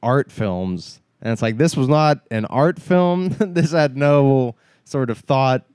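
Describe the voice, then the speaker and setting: A man's voice: medium pitch, lively intonation, slow, a little mellow, clean tone, no echo, clean studio sound. A man co-hosting a casual movie review chat, rambling and acting out mocking quotes with a laugh. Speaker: podcast co-host.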